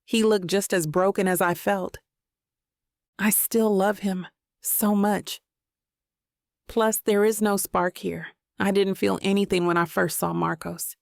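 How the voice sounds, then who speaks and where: Gravelly-voiced woman narrating a romance audiobook. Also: medium pitch, fairly even intonation, a little slow, no room sound, clean studio sound. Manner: intimate, reflective first-person telling.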